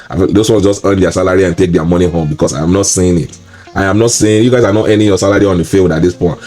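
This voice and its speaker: A man's voice: low-pitched, mellow. A man hosting a solo football preview, ranting in an exasperated, repetitive way. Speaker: football pundit and show host. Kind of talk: solo match preview commentary.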